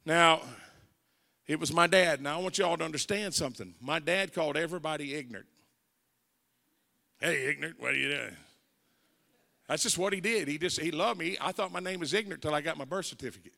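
A man's voice: fairly high pitch, brisk, creaky, long pauses, pushed and bright. A man in his forties with a Southern accent, preaching his testimony as an evangelist and acting out the voices in his story. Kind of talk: testimony sermon. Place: church sanctuary. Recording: reverberant church hall.

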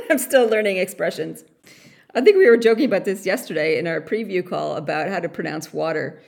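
A woman from Canada hosting a podcast interview over a call, chatty and quick to laugh. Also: on the low side, expressive, creaky, darkish tone. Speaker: podcast host. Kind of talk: casual interview chat. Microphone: remote call.

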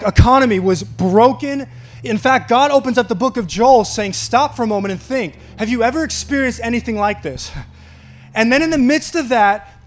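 A man with a Long Island accent preaching a sermon, reading scripture aloud and chuckling between his points. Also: extremely high pitch. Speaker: pastor.

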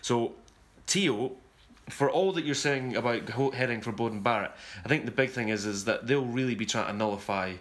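A man hosting a rugby discussion, talking in a measured, thoughtful way and sometimes correcting himself mid-sentence. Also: medium pitch, a bit bright. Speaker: rugby podcast host. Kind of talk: casual sports discussion. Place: touring abroad covering a series.

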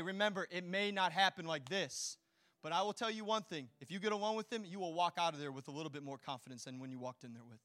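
A man preaching a sermon as pastor, swinging between hushed, intimate lines and loud, rousing ones, with chatty asides and rhetorical questions. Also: on the high side, expressive, fast talker, no echo.

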